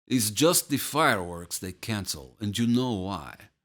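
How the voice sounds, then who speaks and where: A gruff old grandfather with a heavy Slavic accent, as an audiobook narrator puts him on. He speaks low and flatly, unmoved and matter-of-fact. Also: a little slow.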